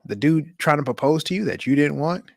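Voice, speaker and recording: A man's voice: fairly high pitch, expressive, creaky, dry recording, studio quality. A man co-hosting a reaction podcast, cracking sarcastic jokes about the clip. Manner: joking and sarcastic, quick to laugh. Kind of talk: casual commentary chat.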